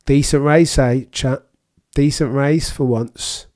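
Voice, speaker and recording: Speaking slowly in a medium-pitched, slightly mellow voice with fairly even intonation, this young man hosts a live race watchalong. He has a Birmingham accent from England and casually reads out viewer comments while making dry jokes.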